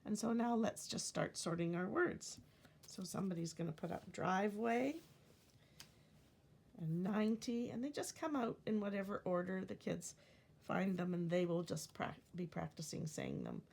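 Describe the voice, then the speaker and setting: A woman teacher walking through a phonics word sort, speaking clearly and deliberately and stretching words to show the stress. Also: medium pitch, a little mellow. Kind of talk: classroom phonics lesson.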